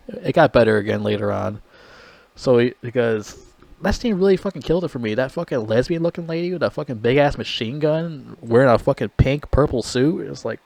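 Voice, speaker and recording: A man casually reviewing a movie in a rambling, profane way, getting loud and animated when he is outraged. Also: mid-range voice, gravelly, no echo.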